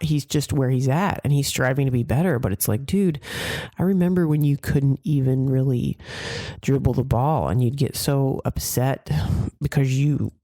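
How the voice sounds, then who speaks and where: Middle-aged woman podcast host, chatty and meandering, gravelly low-key voice, dry close sound. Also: warm tone, no room sound. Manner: chatty, meandering, self-correcting. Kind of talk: casual rambling monologue.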